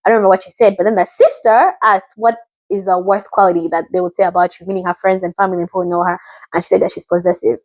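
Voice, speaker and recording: A woman's voice: mid-range voice, steady tone, rapid-fire, darkish tone, dry recording. A woman from Africa in a rambling, chatty review of a reality show, often mimicking what others said. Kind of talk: casual chat.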